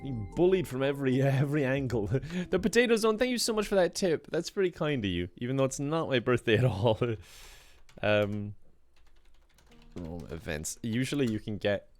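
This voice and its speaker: A man's voice: medium pitch, very animated, normal speed, faint music behind. A young Irish man chatting casually on a live game stream, laughing often and thanking viewers. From Ireland.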